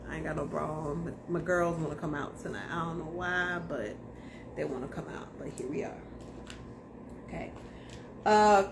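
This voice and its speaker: A woman's voice: medium pitch, slight background noise. Blunt, slangy woman tarot reader. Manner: blunt, slangy and profane, talking straight to viewers. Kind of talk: casual tarot reading to camera.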